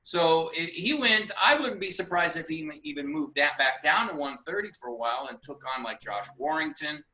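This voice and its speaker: Man, boxing co-host, bright forceful voice, echoey room, rambling casual talk. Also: on the high side, expressive, a little fast. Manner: rambling, repeats words, laughs while talking.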